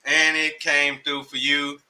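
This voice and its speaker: Male co-host, casual slangy football chat, very bright edgy tone. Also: a little high, flat delivery, unhurried, low-quality recording. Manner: laid-back, slangy, reads stats.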